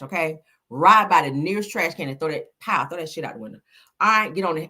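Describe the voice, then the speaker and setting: Sassy, animated woman gossip host. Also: sits low, husky. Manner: sassy and emphatic, full of "honey" and "child". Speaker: celebrity gossip commentator. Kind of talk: casual commentary vlog.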